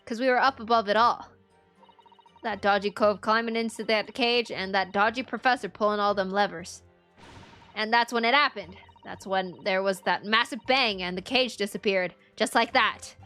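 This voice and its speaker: A woman's voice: mid-range voice, moderate pace, sharp tone, faint music behind, close to an everyday voice. A woman voicing a brash, cheeky young girl who works as a police inspector, with a put-on Cockney accent and blunt, slangy talk. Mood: excited.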